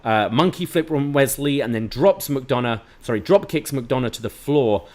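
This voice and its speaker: A man in easy conversation, narrating a wrestling match step by step with plenty of ums and uhs. His voice sits. The delivery is steady, like an informal recap among friends. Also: medium pitch, moderate pace. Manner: play-by-play retelling with fillers. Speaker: podcast co-host.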